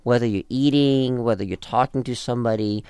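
Smooth-voiced man chatting animatedly. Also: medium pitch, a little fast, no room sound. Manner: animated, acts out quoted lines in different voices. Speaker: podcast co-host discussing a TV episode. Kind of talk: casual chat.

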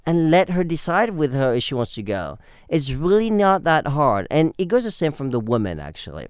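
Young male dating coach, playful and animated, clean dry close sound. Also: fairly high pitch, normal speed, clean tone, no room sound. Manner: animated, acts out phone calls with playful voices. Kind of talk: casual podcast advice.

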